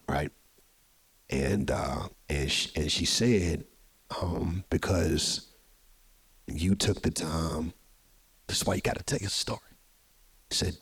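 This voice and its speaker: A man with a very low, husky voice tells a story at a live podcast show. He talks with energy, hypes up the crowd and often repeats words as he goes. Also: takes it slowly, pauses often. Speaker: podcast host. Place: live show venue with audience.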